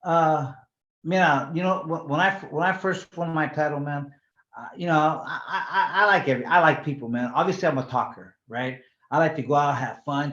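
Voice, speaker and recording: A man's voice: a little high, fairly bright tone. Talkative sixty-year-old man, echoey lo-fi recording. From California. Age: 60s. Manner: rambling, repeats words, drops into Spanish slang. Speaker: guest, former boxing champion. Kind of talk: casual storytelling interview. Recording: echoey room, dull lo-fi sound.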